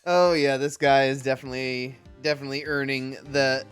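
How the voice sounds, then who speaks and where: A woman's voice: very deep voice, fairly even intonation, brisk, clear, resonant tone, soft background music. A woman streamer giving chatty, jokey commentary while playing a video game. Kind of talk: casual let's-play commentary.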